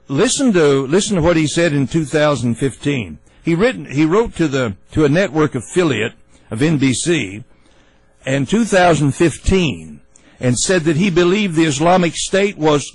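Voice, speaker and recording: A man hosting a talk radio show, giving opinionated commentary in a folksy, halting way with many fillers and restarts. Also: on the high side, lively intonation, no room sound, low-quality recording.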